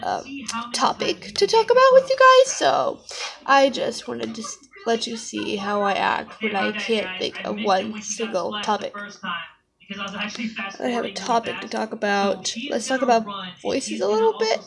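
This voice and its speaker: Hoarse woman, voice cutting out. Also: a little high, lively intonation, a little slow, crowd noise, rough recording. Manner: rambling, with frequent fillers. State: hoarse, sore throat, voice cutting out. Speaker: YouTuber. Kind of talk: casual vlog chat to viewers.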